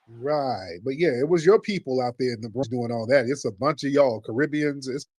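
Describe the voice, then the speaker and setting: A man's voice: medium pitch, normal speed, a little mellow, dry recording. A man hosting a talk show in a laid-back, jokey way. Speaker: host.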